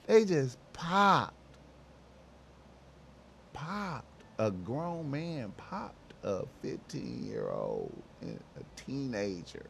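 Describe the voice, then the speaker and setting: Bright-voiced man ranting slowly. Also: medium pitch, creaky. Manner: slangy, swearing, emphatic; mimics voices with loud shouts. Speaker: commentator. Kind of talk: casual monologue.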